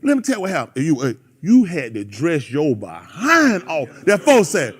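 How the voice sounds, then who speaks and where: A man's voice: fairly high pitch, moderate pace, breathy edge. A man preaching a fiery sermon, calling out members of the congregation by name. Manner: animated, preachy, calls out listeners by name.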